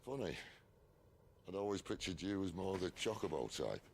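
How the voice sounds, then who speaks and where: An actor playing a gruff, wry rugged man in a video game cutscene, with a dry, teasing drawl. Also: sing-song, moderate pace, a little mellow, a little hiss or hum. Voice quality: deep and gravelly.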